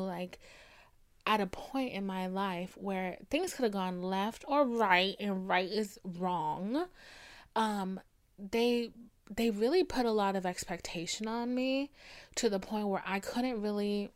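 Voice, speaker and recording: A woman's voice: medium pitch, measured pace, smooth. A young woman hosting a podcast, talking in a candid, emphatic way and swearing freely as she speaks her mind. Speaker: podcast host. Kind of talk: casual monologue.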